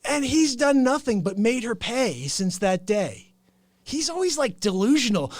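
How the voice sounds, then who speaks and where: A man hosting his show with an improvised, rambling comic rant, mock-indignant and animated. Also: very high voice, moderate pace, no echo. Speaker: host.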